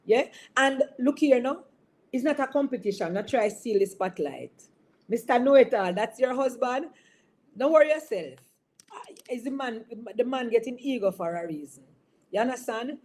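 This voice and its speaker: A woman's voice: fairly high pitch, lively intonation, normal speed, a little mellow. A woman giving an informal sermon on marriage, teasing listeners by name and often asking whether they understand. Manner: conversational, teasing audience members by name, frequent tag questions. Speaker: bishop. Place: online service broadcast.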